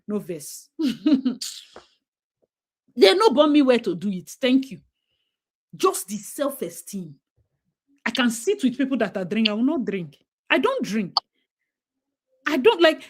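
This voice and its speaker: A woman with a Nigerian accent talking emphatically in a casual discussion, slipping into Pidgin and acting out what parents say. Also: fairly high pitch. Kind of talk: casual talk-show discussion.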